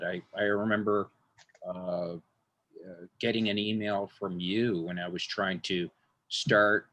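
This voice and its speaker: A man's voice: lowish voice, a bit bright. A man, a magician, talking in a casual interview, rambling with frequent restarts and acting out quotes.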